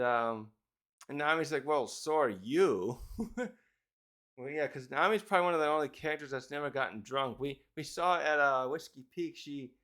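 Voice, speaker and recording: A man's voice: medium pitch, pushed and bright. A man giving a casual, rambling chapter review, thinking aloud and correcting himself as he goes. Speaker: manga reviewer.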